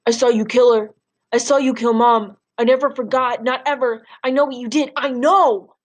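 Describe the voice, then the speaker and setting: A woman reading aloud and voicing a desperate boy who shouts and pleads with his father. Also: on the high side, steady tone, normal speed, natural voice. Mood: desperate pleading.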